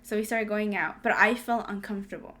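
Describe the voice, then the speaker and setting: A woman's voice: mid-range voice, a little fast. A young woman co-hosting a podcast, telling a personal story in casual chat and acting out what people said. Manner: animated, laughs often, acts out quotes. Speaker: podcast co-host.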